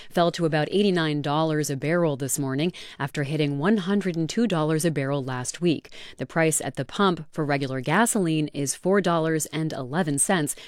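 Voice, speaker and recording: A woman reading a radio newscast in a measured, formal delivery. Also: low-pitched, dry recording, clean studio sound.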